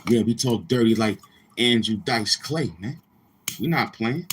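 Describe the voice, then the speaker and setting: A man's voice: medium pitch, expressive, unhurried, slight background noise. A man hosting a livestream, chatting casually with viewers in a boastful, crude, repetitive manner. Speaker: livestream host.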